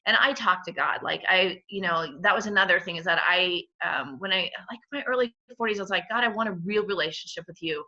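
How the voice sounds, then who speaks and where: A woman's voice: lowish voice, a little fast, few pauses, sharp tone. A middle-aged woman as a podcast guest, candidly sharing a personal faith testimony, heartfelt and laughing through emotion. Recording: dull lo-fi sound.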